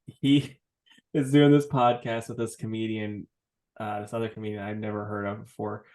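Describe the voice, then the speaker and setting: A man's voice: on the low side, little pitch movement, moderate pace, a little mellow. A man co-hosting a podcast, telling stories animatedly, laughing a lot and swearing casually. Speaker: podcast co-host. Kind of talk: casual chat.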